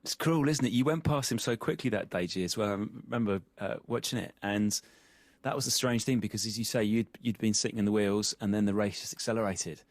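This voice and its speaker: Low-voiced podcast host, dry sound. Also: male voice, brisk, no room sound. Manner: curious, prompting questions. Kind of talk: casual podcast chat.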